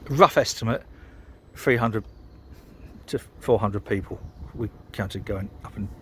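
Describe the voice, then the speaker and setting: A man's voice: on the low side, slow pace, a bit bright. Brit guy ranting by a canal, a bit drunk, swears loads, rambly, bit of outdoor noise. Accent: British English. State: tipsy after a beer. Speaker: vlogger. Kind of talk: casual outdoor vlog rant.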